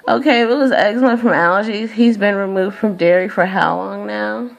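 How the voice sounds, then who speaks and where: A woman's voice: mid-range voice, brisk, gravelly. A tired young woman venting in a profane, exasperated rant to camera. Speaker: vlogger.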